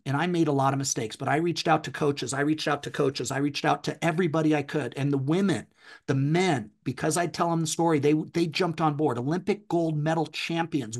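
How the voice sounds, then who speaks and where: A middle-aged man telling a personal story as a podcast guest, with an intense, emphatic delivery. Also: on the high side.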